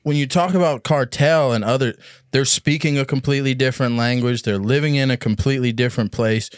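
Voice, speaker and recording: A man's voice: medium pitch, fairly quick, clear, resonant tone, no room sound, clean studio sound. A man hosting a casual podcast chat, asking long, rambling questions and working through his points aloud. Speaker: podcast host.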